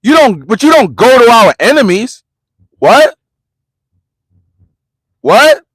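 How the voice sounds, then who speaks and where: A man's voice: very high voice, sing-song, slow, a bit bright, breathy edge, no echo. An American man ranting in a heated vlog, talking in slang and repeating himself over and over as he confronts people from a parked car. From United States. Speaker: vlogger and commentator. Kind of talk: heated street-rant vlog.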